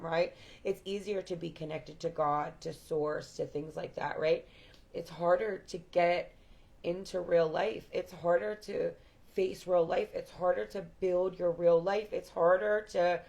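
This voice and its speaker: A woman with a raspy voice giving an earnest, affirming spiritual talk to her viewers, repeating her points. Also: on the low side. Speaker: spiritual live-stream host.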